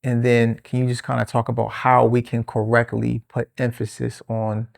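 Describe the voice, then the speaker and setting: A man hosting a casual interview, talking in a relaxed, slangy way. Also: mid-range voice, moderate pace, gravelly. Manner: relaxed, slangy, many "you know" fillers. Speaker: host.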